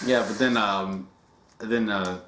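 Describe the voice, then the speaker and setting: Woman, very deep voice, measured and hesitant, echoey room. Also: fairly even intonation, fairly bright tone, a little hiss or hum. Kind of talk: casual fan discussion.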